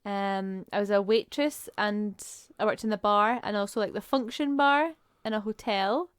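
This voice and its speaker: A woman's voice: medium pitch, steady tone, normal speed, smooth, no room sound, studio quality. A woman co-hosting a podcast, chatting casually and rattling off a list. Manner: chatty, listing things briefly. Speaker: podcast co-host. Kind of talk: casual chat.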